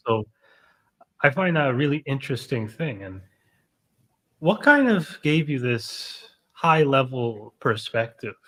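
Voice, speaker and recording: A man's voice: mid-range voice, animated, measured pace, a bit bright, poor audio. A man hosting an interview, asking thoughtful, hedging questions. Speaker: host.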